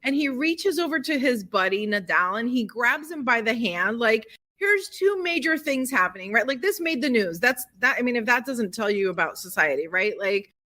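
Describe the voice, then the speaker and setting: A woman's voice: on the high side, expressive, moderate pace, sharp tone. A middle-aged woman co-hosting a podcast in casual chat, emotional and talkative, full of fillers like "like" and "you know". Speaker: podcast co-host.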